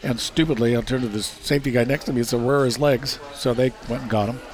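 A man's voice: medium pitch, fairly even intonation, fast, darkish tone. An American man in a casual interview, recounting stories from racing safety work with fillers, restarts and laughter.

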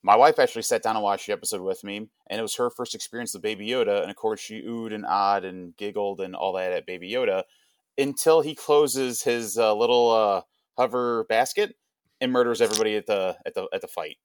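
A young man on a podcast, excitedly recapping an episode in a rambling, casual way full of "like". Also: fairly low pitch, a little fast, no echo. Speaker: podcast co-host. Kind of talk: casual pop-culture chat.

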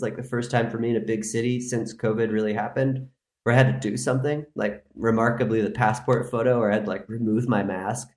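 A man rambles through a casual story as a podcast guest, filling it with "like" and loose asides. His voice sits at an ordinary middle pitch. It echoes around a roomy space. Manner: rambling storyteller, heavy use of filler "like". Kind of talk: casual chat. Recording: roomy echo.

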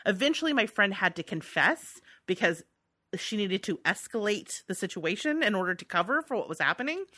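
A woman's voice: medium pitch, brisk, dry recording, clean studio sound. A young adult woman co-hosting a podcast in casual chat, joking and laughing often. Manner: lively, laughing, joking asides. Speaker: podcast co-host.

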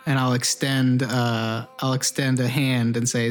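A man's voice: medium pitch, flat delivery, a little slow, faint music behind. A man playing his character in a tabletop game, with drawling, self-deprecating banter. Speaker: player.

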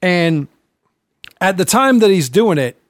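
A man's voice: high-pitched, sing-song, a little slow, no echo, clean studio sound. Rambling man telling a long story. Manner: rambling, many fillers and restarts, mimics voices in quotes. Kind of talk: casual storytelling on a podcast.

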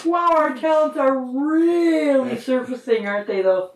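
A woman's voice: high-pitched, a little slow. A woman teasing and laughing with friends during a party card game. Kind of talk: casual chat while playing a card game. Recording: echoey room, far from the mic, noisy.

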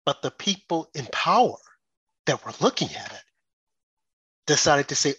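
A man's voice: big pitch swings, normal speed, a bit bright, breathy edge, dry recording, muffled recording. A man delivering an indignant political commentary monologue, mocking his opponents by quoting them in a raised voice. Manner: mocking put-on quotes of opponents in raised pitch; indignant, rhetorical.

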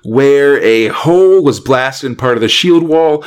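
A man's voice: medium pitch, unhurried, few pauses, a little mellow, clear, resonant tone. A man hosting a casual podcast chat, recapping a comic story with lots of fillers and laughs. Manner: rambling, frequent fillers and laughs.

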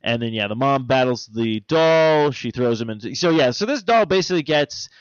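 A man co-hosting a casual film review chat, rambling and excitable, acting out lines as he retells scenes. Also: mid-range voice, moderate pace, clear, resonant tone, dry recording. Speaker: podcast co-host reviewing a film. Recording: dull lo-fi dry sound.

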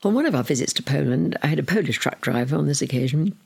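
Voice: medium pitch, animated, quick pace, creaky, husky. An older speaker from Britain, a podcast guest telling earnest, vivid stories and sometimes dropping to a whisper. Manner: earnest, vivid storyteller, drops to a whisper at times. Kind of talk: storytelling in a podcast interview.

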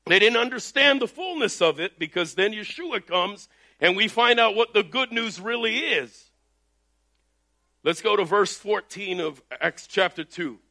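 Male preacher, loud and emphatic sermon delivery, high bright voice. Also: animated, measured pace. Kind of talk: energetic sermon. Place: Texas.

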